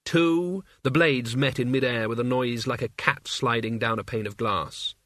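A man reading an audiobook as its narrator, in an even, measured storytelling manner. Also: medium pitch, no echo, studio quality.

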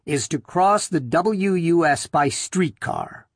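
A man's voice: a little high, expressive, dry recording, clean studio sound, full character voice. A man reading as a grouchy man musing to himself. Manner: musing, unhurried.

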